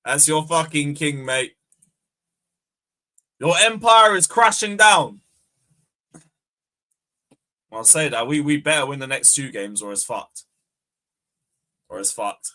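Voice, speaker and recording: A young man hosting a fan livestream, bantering loudly, swearing and taunting viewers. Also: fairly high pitch, lively intonation, a little slow, long pauses. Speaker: fan channel host. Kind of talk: casual livestream chat.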